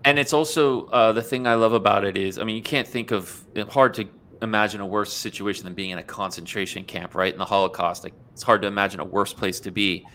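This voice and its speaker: A man's voice: lowish voice, steady tone, fast, hardly any pauses, bright, forceful tone. Enthusiastic male podcast host. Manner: enthusiastic, earnest, sometimes stumbling. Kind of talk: casual conversation.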